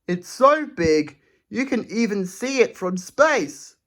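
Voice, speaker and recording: A friendly, easygoing male train engine chats like a good mate, as a woman reader does his voice. His lines are laid-back and slow, with a lively rise and fall, read from a picture book. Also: mid-range voice, voice pushed up.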